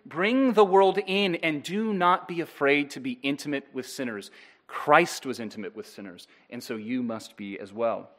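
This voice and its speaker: Pastor, male, slightly high voice, earnest sermon delivery with questions to the pews. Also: a bit bright. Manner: earnest preaching with rhetorical questions to the congregation.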